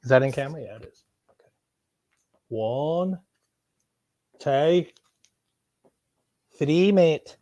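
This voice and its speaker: A man's voice: a little high, takes it slowly, long pauses, poor audio. Rambling, swearing man unboxing toys. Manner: rambling, swears often, bursts of loud excitement. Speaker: vlogger. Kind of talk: casual unboxing vlog. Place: someone else's home. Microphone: external mic on camera.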